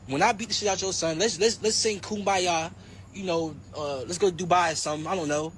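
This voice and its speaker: A man's voice: high voice, steady tone, brisk, fairly bright tone, slight background noise. A young man in his twenties, a boxer, talking boastfully with a lot of swearing and mockery. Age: 20s. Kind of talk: heated interview clip.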